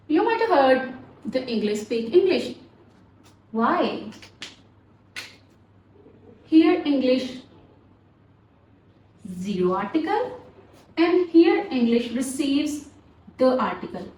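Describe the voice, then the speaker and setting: A woman's voice: high voice, very animated, takes it slowly, pauses often. A woman teaching English grammar, talking patiently and repeating words so learners can practice pronunciation. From Pakistan. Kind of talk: grammar lesson. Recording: roomy echo, faint background noise.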